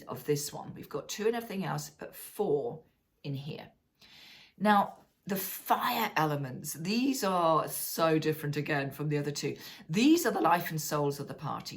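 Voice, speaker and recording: A middle-aged woman, teaching a wellness lesson in a chatty, animated way and often checking in with listeners. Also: lowish voice. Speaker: wellness coach. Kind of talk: casual teaching talk.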